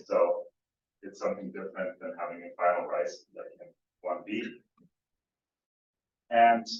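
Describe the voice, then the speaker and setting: A man with a low voice gives an academic talk, pausing often on fillers and restarting his sentences. He is picked up from far off in a strongly echoing lecture room. The audio is dull, with faint room ambience behind him. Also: a little hiss or hum. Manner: hesitant, many fillers and restarts. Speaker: conference speaker. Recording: distant mic, echoey room, dull audio.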